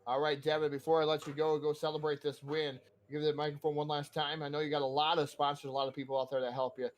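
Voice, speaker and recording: A man with a fairly high voice handles post-race interviews on an online racing broadcast. He sounds upbeat and hurried, a little out of breath, though his delivery is also flat.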